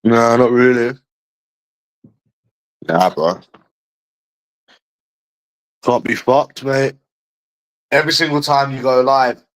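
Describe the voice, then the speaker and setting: A man's voice: medium pitch, fairly even intonation, slow, long pauses, poor audio. A man in a profane, rambling livestream chat, calling his viewers bro and mate.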